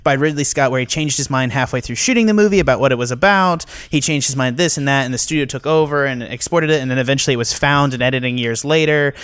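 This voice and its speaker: A man co-hosts a film podcast, winding through his points with restarts and filler words. His voice sits at an ordinary pitch and is recorded close and dry, with no room sound. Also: fast talker, hardly any pauses, smooth, no room sound. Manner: rambling, animated, many restarts and "like"s. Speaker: podcast co-host. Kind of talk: casual film review chat.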